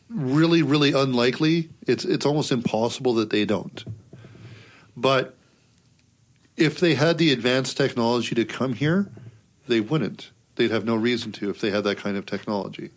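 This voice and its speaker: A man with a middle-pitched voice talks on a casual podcast. He is dry and sarcastic and works through his arguments step by step. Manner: dry, sarcastic, reasoning aloud. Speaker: podcast co-host. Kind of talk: casual chat.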